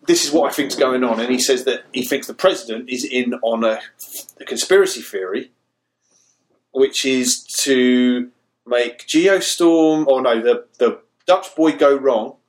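A man talks through a film's plot in a loose, meandering podcast chat. His voice sits at an ordinary middle pitch. He swears freely and laughs along as he rambles. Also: a little slow, poor audio. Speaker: podcast co-host. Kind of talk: casual film-review chat.

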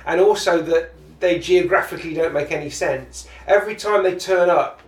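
A man's voice: fairly high pitch, moderate pace, echoey room, distant mic. A man co-hosting a casual film review podcast who rambles amusedly through his points. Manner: rambling, amused, with many restarts. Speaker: podcast co-host.

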